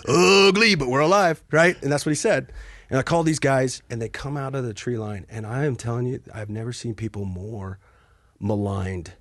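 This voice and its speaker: A man telling war stories as a podcast guest, acting out quotes with sudden yelps and hushed asides. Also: medium pitch, moderate pace, no room sound, studio quality. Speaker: podcast guest, Army helicopter pilot. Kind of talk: casual storytelling.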